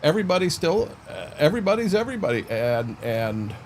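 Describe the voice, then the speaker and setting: A man's voice: fairly high pitch, very animated, fairly quick, slight background noise. A man chatting casually on a livestream while playing a farming game, rambling in a folksy way to his viewers and his dog.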